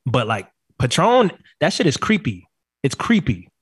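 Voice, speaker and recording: A man's voice: mid-range voice, huge pitch swings, unhurried, husky, no room sound, clean studio sound. A man co-hosting a casual chat, laid-back and teasing his friends. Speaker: podcast co-host.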